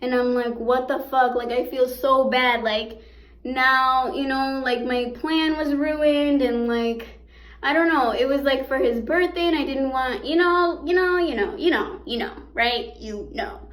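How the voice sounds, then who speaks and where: A young woman telling a storytime vlog in a casual, animated way, full of fillers and swearing. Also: sits high, unhurried. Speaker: vlogger. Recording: echoey room.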